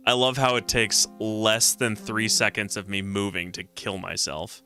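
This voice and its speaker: A man's voice: on the low side, lively intonation, slow pace, long pauses, sharp tone. A man streaming a retro adventure game, reading its text aloud and mocking himself with jokey outbursts.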